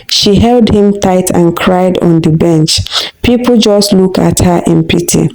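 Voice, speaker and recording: A woman's voice: on the low side, measured pace, gravelly, darkish tone, poor audio. A woman narrating a scripted story in a dramatic, conversational way.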